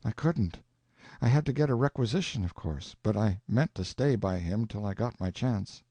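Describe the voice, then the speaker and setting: An eager, earnest young man telling his story plainly, as a narrator voices him. The voice is husky and lively in pitch, recorded dry and close. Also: normal speed, no echo.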